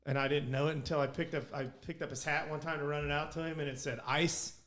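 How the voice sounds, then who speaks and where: Guy in his 40s rambling thru a story on a podcast, kinda high voice, keeps restarting. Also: level tone, fast talker, a bit bright. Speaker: podcast co-host. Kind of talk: casual storytelling chat.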